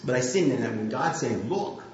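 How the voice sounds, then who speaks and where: A man's voice: mid-range voice, fairly quick, a little mellow. A man delivers a sermon, telling a candid, self-deprecating story about himself. His voice rings through a strongly echoing room, and the recording sounds a little dull, with faint noise underneath. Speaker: preacher. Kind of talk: sermon with personal anecdote.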